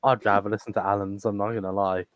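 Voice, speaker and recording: A man co-hosting a casual podcast, making dry, deadpan remarks from his notes. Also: lowish voice, fast talker, no echo. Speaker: podcast co-host. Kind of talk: casual chat.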